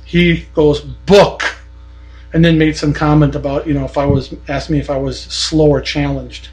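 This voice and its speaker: A man's voice: fairly high pitch, level tone, normal speed, darkish tone, rough recording. Blunt, profane man telling a grudge story. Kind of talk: casual ranting anecdote.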